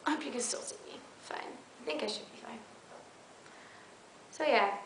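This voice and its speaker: A woman's voice: a little high, moderate pace. A young woman, a college student, chatting casually to her webcam in a dorm room, rambling with giggles and fillers. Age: young adult. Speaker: college vlogger. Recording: roomy echo, faint background noise.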